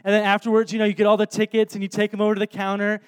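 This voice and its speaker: A man with a notably high voice tells a story from the pulpit, animated and self-deprecating. He keeps restarting his sentences as he goes, in his thirties and at ease with the crowd. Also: very fast, clear, resonant tone. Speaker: preacher. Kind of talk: anecdotal sermon storytelling.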